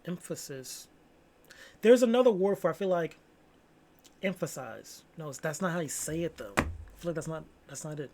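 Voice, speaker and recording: Young male vlogger, slightly higher voice, loose slangy rambling, lots of "like" and "bro". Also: animated, fairly quick, darkish tone, slight background noise. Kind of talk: casual solo chat.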